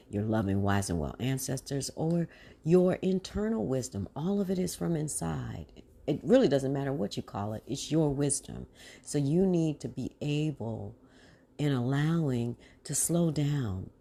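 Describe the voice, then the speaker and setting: This is a woman hosting a mindfulness podcast who talks listeners through stillness and deep breaths. Her voice is mellow, with a gravelly edge. She speaks in a relaxed, homey way, with a touch. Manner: calm, slow guiding voice; casual, says "y'all". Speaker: podcast host and mindfulness coach. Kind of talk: guided breathing meditation.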